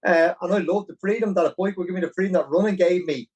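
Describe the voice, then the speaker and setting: A man in his forties with a Dublin Irish accent, a podcast guest telling his story in an animated, self-deprecating way. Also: high voice, fast, slightly rough, recorded from a distance, highs cut off. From Ireland. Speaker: podcast guest, marathon runner. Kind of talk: casual storytelling interview.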